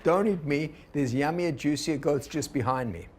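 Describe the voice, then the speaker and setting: A man's voice: on the high side, moderate pace, slight background noise, lightly acted. A man doing a hungry little goat. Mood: pleading. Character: small hungry billy goat, anxious, bargaining.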